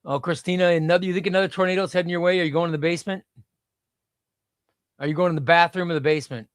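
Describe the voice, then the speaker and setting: Give me a middle-aged man rambling through a livestream, higher voice, dry sound. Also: steady tone, very fast, clean tone, no room sound. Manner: rambling, reads chat aloud, swears casually. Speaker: comic book livestream host. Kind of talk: casual livestream chat.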